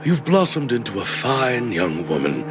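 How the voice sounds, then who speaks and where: An actor playing a courteous, devoted old family retainer in a game, speaking formally. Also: male voice, mid-range voice, sing-song, moderate pace, close to an everyday voice. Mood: courtly, kind. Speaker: family caretaker in a game cutscene. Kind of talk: voice acting in a game cutscene. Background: game score music.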